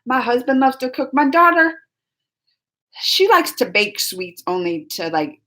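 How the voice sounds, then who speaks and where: A woman's voice: sits high, a little slow. A woman in her forties hosting a live stream, chatting casually and teasingly with viewers as she reads their messages. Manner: animated, teasing, talks straight to chat readers. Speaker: live-stream host reading chat.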